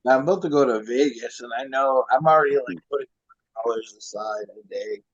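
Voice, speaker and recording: A man's voice: mid-range voice, brisk, husky, dry recording. A man in a casual chat, speaking bluntly and with firm opinions. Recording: dull lo-fi mic.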